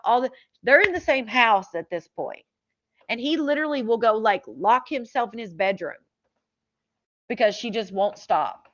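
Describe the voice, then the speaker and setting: A woman's voice: a little high, animated, normal speed, fairly bright tone. A woman chatting through true crime commentary, reading text messages aloud with lots of fillers. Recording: slightly dull lo-fi audio.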